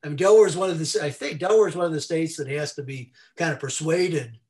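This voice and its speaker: A man's voice: a little high, quick pace, darkish tone, slight background noise. A man speaking as an invited scholar in a seminar discussion over a video call, rambling through asides and restarting his sentences.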